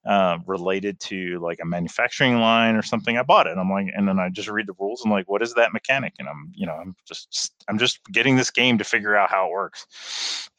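A man with a lowish voice chats casually on a round-table show. He is heavy on fillers and quick to laugh or jump in. The sound is dry and close. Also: bright, forceful tone, no room sound. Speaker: podcast co-host.

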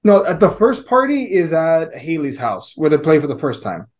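Male podcast co-host, slightly high pitch, loose profane chat full of "like" and "um". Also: sing-song, moderate pace, darkish tone. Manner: loose and profane, lots of fillers. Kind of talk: casual movie chat.

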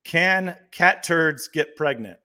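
A man's voice: a little high, expressive, slow pace, bright, forceful tone. A man hosting a political talk show, steering the questions in an upbeat, teasing way. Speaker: show host.

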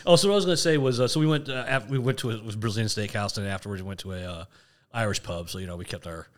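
A man co-hosting a podcast, telling rambling, animated stories in casual chat. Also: fairly low pitch, very fast. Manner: rambling, animated storytelling with restarts. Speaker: podcast co-host.

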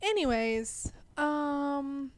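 A woman's voice: high-pitched, very slow, no echo. Casual young woman co-host, dry close sound. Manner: relaxed, frequent backchannel "mm-hmm" and short agreeing replies. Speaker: podcast co-host. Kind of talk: casual chat.

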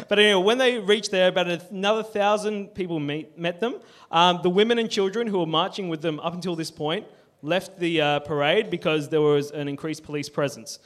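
An Australian man with a fairly high voice is telling a history story on a casual podcast. He reads from his notes and laughs often, and the talk stays loose. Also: brisk, hardly any pauses, a bit bright. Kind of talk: casual banter while reading history notes.

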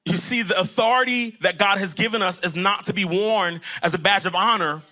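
A young adult man preaching a sermon as pastor, animated, with a sing-song rising delivery and playful acted-out asides. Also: sits high. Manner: animated preaching, acts out the disciples and Jesus in quick asides.

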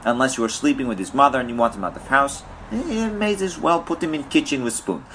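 A man's voice: animated, a little fast, fairly bright tone, slight background noise, lightly acted. A man voicing a distraught Russian man with a put-on Russian accent, ranting in broken English with a whiny, swooping voice. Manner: whiny, wildly swinging pitch, broken English. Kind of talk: comedic character monologue.

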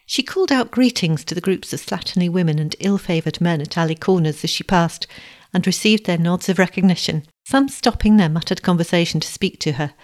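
A woman narrating a storybook in a steady, expressive reading voice. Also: on the low side.

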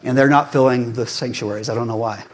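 A male pastor in his forties preaching a sermon in a fired-up, conversational way, swinging between loud emphasis and hushed asides. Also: medium pitch, steady tone, quick pace, a little hiss or hum.

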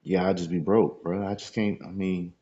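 A man's voice: low-pitched, normal speed, highs cut off. A man co-hosting a podcast, joking in slangy casual banter. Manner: animated joking, slangy, breaks into laughter. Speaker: podcast co-host. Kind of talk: crude comedic banter.

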